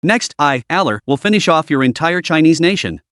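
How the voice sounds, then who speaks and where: Man doing an arrogant boasting rival, voice jumps up high, dry close mic. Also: animated, brisk, a bit bright, clean tone, no room sound. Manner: arrogant, taunting. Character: arrogant young god-summoner man, boastful.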